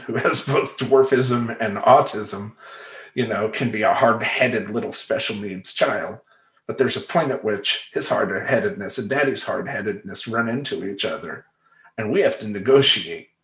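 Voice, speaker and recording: A man's voice: on the low side, fairly bright tone. A middle-aged man coaching in a casual, emphatic vlog monologue full of streetwise slang. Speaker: life coach. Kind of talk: talking-head vlog monologue. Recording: roomy echoey room.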